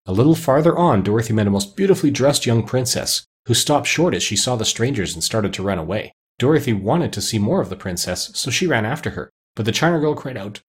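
Husky man reading a storybook aloud. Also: fairly low pitch, animated, fairly quick, few pauses. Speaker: narrator.

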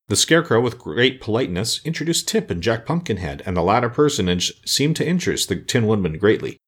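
Low, husky male storybook narrator. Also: sing-song, fast, hardly any pauses. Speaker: audiobook narrator.

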